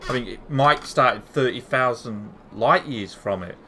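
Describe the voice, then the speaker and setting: A man's voice: medium pitch, unhurried, bright, forceful tone, slight background noise. A man from the UK hosting a game stream, casually teasing his friends over voice chat. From United Kingdom. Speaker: streamer host.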